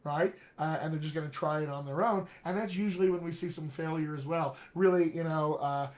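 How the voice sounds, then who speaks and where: Man, dialect coach, slightly raised pitch, direct, encouraging, live-stream talk to actors. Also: steady tone, a little fast. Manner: direct, encouraging, repeats points with "all right?".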